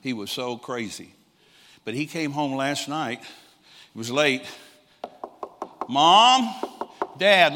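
A man's voice: medium pitch, pushed and bright, slight background noise. A man in his sixties preaching a storytelling sermon, acting out the people he quotes and chuckling often. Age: 60s. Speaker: traveling preacher. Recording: long hall reverb.

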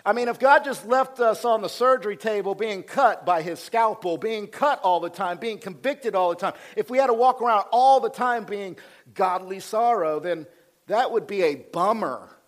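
Male pastor, higher-pitched, call-and-response sermon delivery with hushed lows and fervent peaks. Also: normal speed. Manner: calls for amens, swings from hushed to rising fervor.

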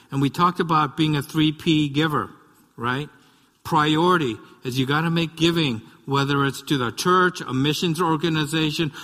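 A man's voice: fairly high pitch, a bit bright. A man from the United States preaching a sermon in a loose, conversational way, telling stories with frequent asides. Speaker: pastor. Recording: reverberant hall.

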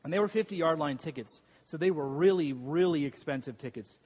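A man's voice: a little high, fairly quick, darkish tone, husky. A man preaching a sermon as a pastor, telling stories with self-deprecating humor and frequent laughs. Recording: long reverb of a large hall.

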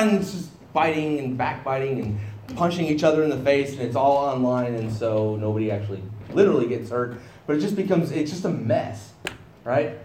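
A man's voice: on the high side, a little mellow, roomy sound. A man preaching through a Bible passage in a conversational way, often checking in with his listeners and acting out the people in the story. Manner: conversational, asks "right?" often, acts out quoted voices. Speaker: pastor. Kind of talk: expository sermon.

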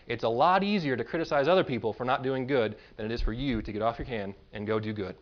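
A man's voice: medium pitch, fast, hardly any pauses. Emphatic preaching man, dull recording. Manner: emphatic, building lists to a peak, with self-deprecating humor. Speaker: pastor. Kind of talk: sermon.

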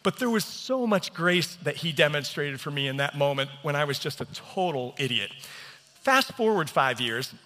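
A man's voice: a little high, animated, normal speed, pushed and bright. A man preaching a sermon as pastor, telling stories on himself in an earnest, self-deprecating way. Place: church hall. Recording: reverberant church hall.

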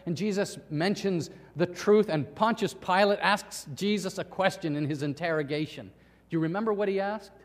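Pastor guy preaching, slightly high voice, big echoey church, punchy pauses. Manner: emphatic, with dramatic pauses and voiced quotations. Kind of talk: sermon.

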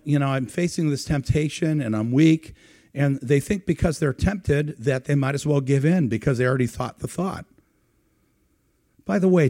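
A pastor preaching in a conversational way. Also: male voice, on the high side, warm tone. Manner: conversational preaching with rhetorical questions to the congregation. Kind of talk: sermon.

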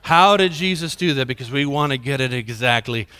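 Bright, clear-voiced male pastor preaching. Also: medium pitch, lively intonation, a little fast. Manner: earnest, conversational preaching with questions to the congregation. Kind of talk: sermon. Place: church sanctuary.

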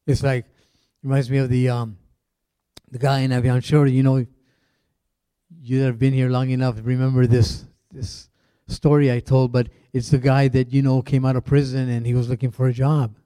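A middle-aged pastor with a warm, mellow voice, preaching casually from the pulpit. He rambles through asides and fillers. The sound is dry and close, with no room echo. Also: mid-range voice, level tone, normal speed, clean tone. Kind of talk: conversational sermon.

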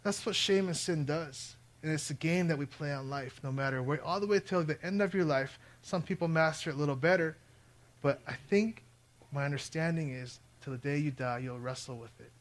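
Brief Male preacher, slightly higher voice, conversational sermon to a live crowd, quips, soft-to-loud swings. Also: fairly quick. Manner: conversational, joking asides to the crowd; swings between hushed and loud. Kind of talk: sermon with personal storytelling. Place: before a live audience.

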